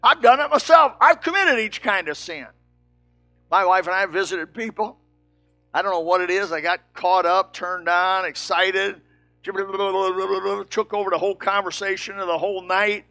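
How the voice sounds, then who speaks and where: An older man preaching a sermon, swinging from shouts to soft, low asides. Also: normal speed, faint music behind.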